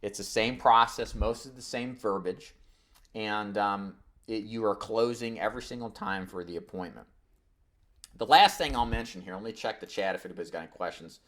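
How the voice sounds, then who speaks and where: A man's voice: fairly low pitch, normal speed. Guy doing a live sales webinar, pumped up coaching voice, plays out phone calls. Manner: energetic, coaching, role-plays phone scripts. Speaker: insurance sales trainer.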